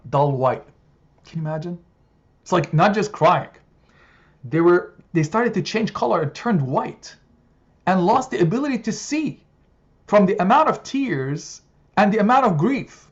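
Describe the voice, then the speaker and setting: A man teaching an impassioned weekly Quran study lesson, speaking emphatically, repeating phrases and asking rhetorical questions, in a slightly muffled recording. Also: on the high side. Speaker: religious study group teacher.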